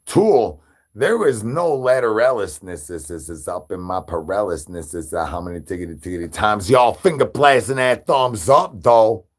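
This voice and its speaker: Low-voiced man rambling zombie nonsense. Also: lively intonation, moderate pace. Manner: rambling nonsense with rhyming, repeated slang. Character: brain-hungry zombie persona. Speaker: livestream host. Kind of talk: absurd comedic livestream rant.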